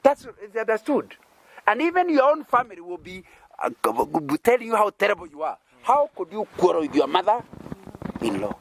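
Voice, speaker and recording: High, lively Kenyan man preaching. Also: normal speed, creaky. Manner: keeps checking in with the audience, with chuckles and rhetorical questions. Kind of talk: interactive sermon teaching.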